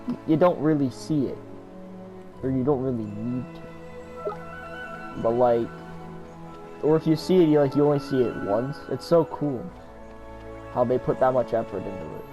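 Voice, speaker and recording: A man's voice: mid-range voice, a little slow, long pauses, over music, poor audio. A man giving goofy, rambling commentary while playing a video game, swearing freely as he talks. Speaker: let's-play gamer. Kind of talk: casual gameplay commentary.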